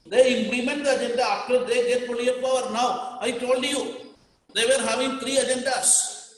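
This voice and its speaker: A man's voice: extremely high pitch, steady tone, moderate pace. A male teacher with an Indian English accent, giving a classroom lecture and explaining key terms, repeating words for students to note down. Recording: very echoey, reverberant room.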